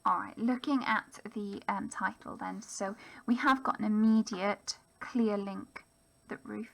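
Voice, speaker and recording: A woman, an English teacher, talking through a recorded poetry lesson over her slides in a relaxed way, with frequent ums and small self-corrections. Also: medium pitch, a little slow, creaky, poor audio.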